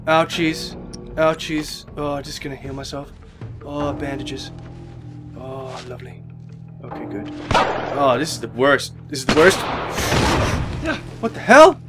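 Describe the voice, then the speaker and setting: A man doing jokey, excitable gameplay commentary, yelping and muttering as he plays. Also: medium pitch, a little slow, long pauses. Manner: excitable, jokey, swears mildly, yelps when hit. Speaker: let's play gamer. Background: game music.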